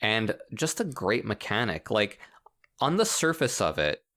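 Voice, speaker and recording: A man co-hosting a casual podcast, explaining a game in an animated way and laughing often. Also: lowish voice, a little slow. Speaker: podcast co-host. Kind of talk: casual chat about video games.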